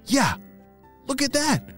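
A man's voice: extremely high pitch, wildly swooping pitch, slow pace, fairly bright tone, faint music behind, voice pushed up, full character voice. A man doing an eager young storybook girl.

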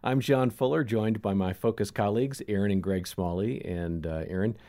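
A man's voice: fairly low pitch, normal speed, warm tone. A middle-aged man hosting a Christian talk show, telling stories about his marriage in a self-deprecating, conversational way. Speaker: radio show host.

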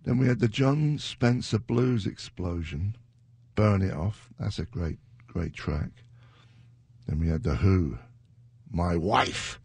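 Raspy low-voiced radio dj guy, slow and loose, dry studio mic. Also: a little mellow, no echo. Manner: rambling, chuckling, trails off. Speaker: radio DJ host. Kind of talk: casual radio chat.

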